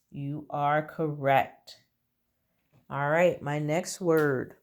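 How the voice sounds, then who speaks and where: A woman's voice: low-pitched, slow. A woman teaching a phonics lesson to young children, patiently sounding out letters and words. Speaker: kindergarten teacher.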